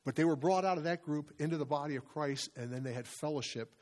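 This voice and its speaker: A man's voice: mid-range voice, fairly even intonation, brisk, few pauses, a little mellow. A male pastor preaching a conversational sermon, full of asides and restarts as he reads from scripture and his notes.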